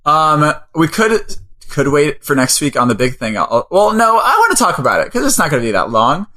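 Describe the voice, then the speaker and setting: Chatty male co-host, fairly high voice, bright and lively. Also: brisk. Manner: chatty, laughs often. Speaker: podcast co-host. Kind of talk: casual chat.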